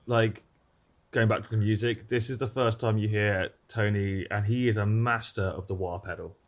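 A man's voice: fairly low pitch, steady tone, normal speed. A man from England, a guest on a podcast, explaining music in an eager, rambling way. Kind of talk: casual chat.

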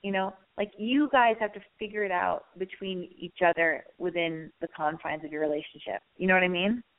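A woman hosting a casual call-in radio advice show, raspy and hoarse from losing her voice, talking candidly in a rambling way and swearing freely. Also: fairly low pitch, fairly even intonation, moderate pace, phone-quality sound.

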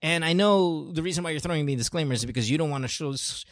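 A man's voice: on the high side, quick pace. A man hosting a casual chat, teasing and probing with crude questions.

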